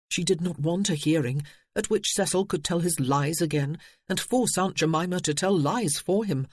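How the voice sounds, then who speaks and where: A man reading a novel aloud in steady audiobook narration. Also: a little high, breathy edge, dry recording, clean studio sound.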